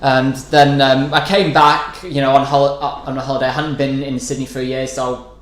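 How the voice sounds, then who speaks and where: A man's voice: mid-range voice, flat delivery, a little fast, fairly bright tone. An English man in his late twenties, a comedian guest telling self-deprecating jokes in casual podcast chat. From England. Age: late 20s. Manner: self-deprecating, jokey storytelling. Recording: echoey room with faint noise.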